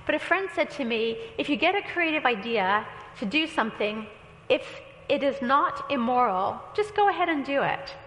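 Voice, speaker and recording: A woman's voice: sits high, animated, moderate pace, a bit bright. A woman pastor preaching a sermon, telling a story with quoted dialogue and light humor. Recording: echoey hall with long reverb.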